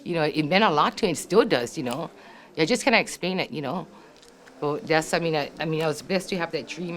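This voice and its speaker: An older woman, sharing an emotional family memory in a heartfelt, halting way, repeating herself and saying "you know" often. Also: deep voice, lively intonation, slight background noise. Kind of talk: emotional personal storytelling.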